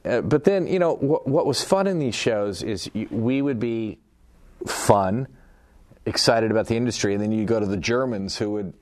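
Middle-aged man with a deep voice; animated anecdotal panelist, laughs easily. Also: normal speed. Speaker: former auto industry PR man, panelist. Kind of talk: casual podcast chat.

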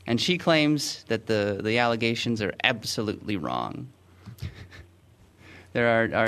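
A man hosts a podcast in a loose, joking manner, laughing as he reads the news. He speaks at a mid pitch in a casual chatting tone. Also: a bit bright. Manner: joking, laughs often while reading. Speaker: podcast host.

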